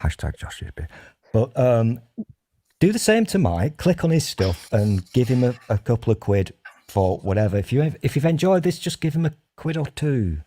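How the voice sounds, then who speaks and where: A man's voice: medium pitch, sing-song, normal speed, dark tone. A man on a casual panel chat, teasing and playful. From United Kingdom. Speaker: panel guest.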